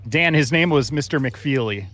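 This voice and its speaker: A man's voice: mid-range voice, moderate pace, a bit bright. A man co-hosting a game livestream, chatting casually with dry amusement and relaying viewer comments. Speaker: co-host reading chat.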